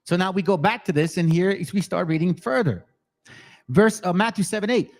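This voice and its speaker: A man giving a casual, excitable scripture study, reading verses and then explaining them in slang, often repeating words. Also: sits high, normal speed. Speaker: bible teacher.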